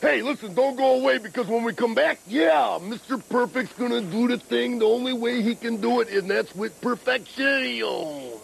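Gravelly, high-pitched, slightly winded middle-aged male wrestling host, rambling, with faint hiss underneath. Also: brisk, few pauses. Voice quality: gravelly, growling, keeps saying brother. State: a little out of breath. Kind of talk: rambling TV show chat.

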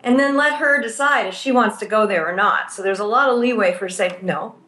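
A woman's voice: mid-range voice, fast talker, sharp tone, reverberant. A woman who works as a therapist and teaches pastoral care, explaining her ideas thoughtfully in a conversational interview and walking through examples.

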